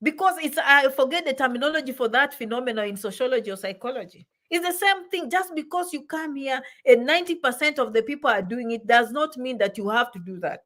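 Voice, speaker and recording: Woman, vlog advice-giver, somewhat high-pitched, emphatic and repetitive, code-switches into Swahili. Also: lively intonation, fast talker, hardly any pauses, fairly bright tone. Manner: emphatic, repeats phrases for stress, mixes in Swahili words. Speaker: immigration advice vlogger. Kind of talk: motivational advice talk.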